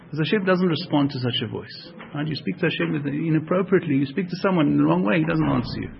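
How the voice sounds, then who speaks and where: A man's voice: a little high, quick pace, creaky, slight background noise. A man teaching a religious lesson, earnest, repeating and rephrasing each point as he explains it. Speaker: Torah teacher. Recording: dull lo-fi recording.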